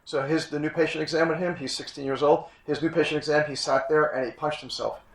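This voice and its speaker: A man's voice: fairly high pitch, fairly even intonation, fast talker. Emphatic older man lecturing in echoey room. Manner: emphatic, repeats points, clears throat often. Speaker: chiropractic instructor. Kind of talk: classroom lecture. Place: classroom.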